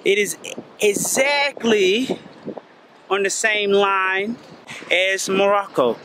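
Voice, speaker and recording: A man's voice: sits high, slow, background noise. An American man from North Carolina, casually vlogging a trip by the ocean and talking to viewers in a laid-back, chatty way. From North Carolina, USA. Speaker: travel vlogger. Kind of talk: casual travel vlog. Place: outdoors by the ocean and in a cafe.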